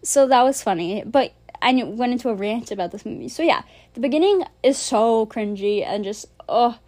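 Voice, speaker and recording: A woman's voice: a little high, animated, normal speed, a little mellow, no room sound. A young woman chatting casually as she reviews movies and shows, rambling and blunt with lots of fillers. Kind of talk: casual monthly review chat.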